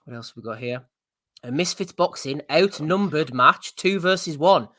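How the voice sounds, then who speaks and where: A man with a slightly high voice hosts a podcast in casual chat. He reads out headlines and posts, breaking into easy laughter. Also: lively intonation, normal speed, pushed and bright, dry recording, clean studio sound. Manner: giggly, reads out news items. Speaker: podcast host.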